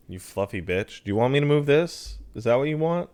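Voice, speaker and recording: A man's voice: mid-range voice, lively intonation, fairly quick, few pauses, a little mellow, smooth. A man streaming from home on a desk mic, chatting casually to his cat with profane, mock-scolding banter. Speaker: game streamer. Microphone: desk mic on a stand.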